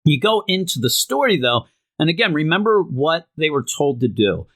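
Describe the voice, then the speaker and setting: Animated, bright-voiced male comic reviewer. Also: a little high, moderate pace. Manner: rambling, retelling with animated asides.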